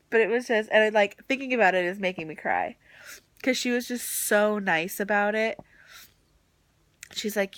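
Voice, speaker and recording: A young woman vlogging casually, exhausted and nauseous, venting frankly about a rough stretch. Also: medium pitch, normal speed, fairly bright tone, dry recording. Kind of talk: casual chat.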